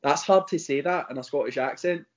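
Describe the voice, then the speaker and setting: A man's voice: fairly high pitch, brisk. A man with a Glaswegian accent chatting casually as a podcast co-host, rambling and bantering with a friend. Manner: rambling, bantering, self-interrupting. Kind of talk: casual chat. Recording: dull lo-fi recording.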